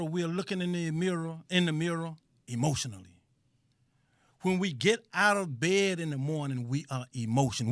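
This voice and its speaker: High-voiced, preachy man hosting talk radio. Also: dry recording, clean studio sound. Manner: emphatic, preachy, repeats phrases for stress. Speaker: talk show host. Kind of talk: live online radio talk monologue.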